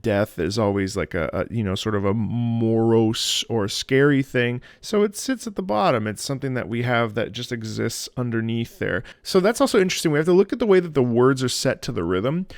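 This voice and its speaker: A man's voice: mid-range voice, lively intonation, brisk, hardly any pauses, dry recording, studio quality. A man hosting a music reaction, explaining a song in a casual, musing way. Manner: musing, explanatory, often hums or sings lines.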